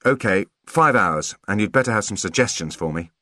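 A sharp-tongued young fairy officer, brisk and teasing, impatient to get to the point, put on by a male audiobook narrator. Her voice sits lifted and lively, swinging widely in pitch. It is close and dry, with no room around it. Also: no room sound. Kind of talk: audiobook character voice.

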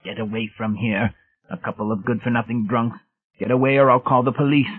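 A man's voice: mid-range voice, steady tone, brisk, breathy edge, pitched above the performer's own voice, close to an everyday voice. A man voicing a tiny, timid old male preacher with a thin, quavering, whining voice. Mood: suspicious. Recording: tinny phone-like band.

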